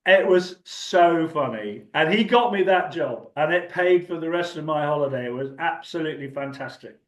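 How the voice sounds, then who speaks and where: A man's voice: fairly high pitch, expressive, normal speed, echoey room, rough recording. An older man telling a rambling anecdote as an interview guest, chatty and laughing often. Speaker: actor and guest. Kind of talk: anecdotal storytelling.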